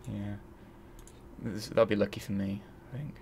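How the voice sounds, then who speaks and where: A man's voice: on the low side, fairly even intonation, moderate pace, gravelly, a little mellow, a little hiss or hum. A man hosting a let's play, thinking aloud and grumbling as he searches. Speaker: gaming channel host.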